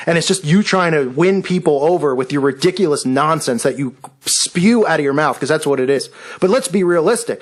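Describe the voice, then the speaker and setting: A man hosting his own channel, delivering a combative, sarcastic rant at a rival. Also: high-pitched. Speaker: video channel host. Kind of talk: angry rant video.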